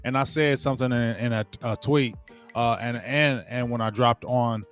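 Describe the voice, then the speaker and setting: A man in the middle of a heated sports rant, talking at an ordinary mid pitch. He repeats himself and trips over his words, then mimics the people he criticizes. Faint music plays behind him. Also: fairly even intonation, moderate pace. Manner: heated, repetitive, stumbles and restarts, mocking quotes. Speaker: sports show host. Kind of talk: opinionated sports commentary rant.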